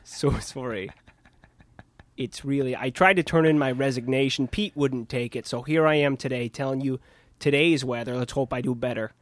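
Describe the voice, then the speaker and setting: A man's voice: medium pitch, moderate pace, no room sound, lightly acted. A man voicing an apologetic male TV weatherman with a Minnesotan accent, somber and pleading. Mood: somber apology.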